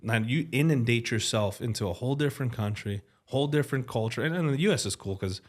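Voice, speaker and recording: A man's voice: medium pitch, fast. A man hosting a podcast, telling stories in loose conversational chat with lots of "like". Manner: loose conversational storytelling, heavy use of "like". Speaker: podcast host. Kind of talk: casual interview chat.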